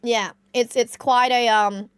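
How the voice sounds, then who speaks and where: A woman's voice: a little high, steady tone, slow, clear, resonant tone, no echo. A young Australian woman with an Australian accent, chatting casually with her live-stream audience, laughing often. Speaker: livestreamer.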